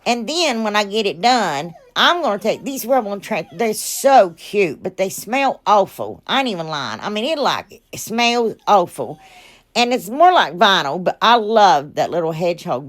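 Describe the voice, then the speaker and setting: A chatty woman hosting a homemade craft vlog and talking straight to her viewers. She rambles from project to project, pokes fun at her own slip-ups and pleads warmly for subscribers. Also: mid-range voice. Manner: self-deprecating, laughs at her own mistakes. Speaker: craft channel host. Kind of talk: casual DIY crafting vlog.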